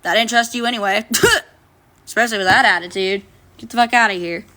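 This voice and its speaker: Bright, blunt woman on a phone livestream. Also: mid-range voice, fairly quick. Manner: blunt, profane, reads viewer comments aloud and talks back. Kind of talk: casual livestream chat.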